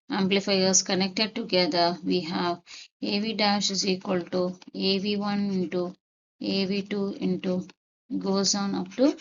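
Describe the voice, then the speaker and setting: Gravelly-voiced woman teaching a lesson. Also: medium pitch, lo-fi sound. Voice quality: repeats key points deliberately. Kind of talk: step-by-step lecture.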